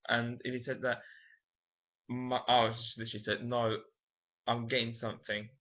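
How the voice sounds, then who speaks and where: A man's voice: mid-range voice, level tone, normal speed, lo-fi sound. A young man, telling a personal story to camera in a rambling, candid way, full of fillers and self-corrections. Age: late teens. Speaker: vlogger.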